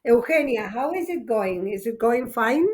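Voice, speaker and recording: A woman's voice: a little high, animated, moderate pace, a little mellow. A woman teaching an English grammar class, encouraging her students and explaining each point patiently, with glosses.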